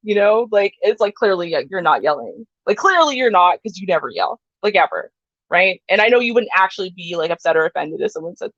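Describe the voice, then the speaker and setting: A woman's voice: medium pitch, expressive, a little fast, fairly bright tone, dry recording, highs cut off. A woman co-hosting a livestream, chatty, filling her talk with "like" and "right?". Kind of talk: casual chat.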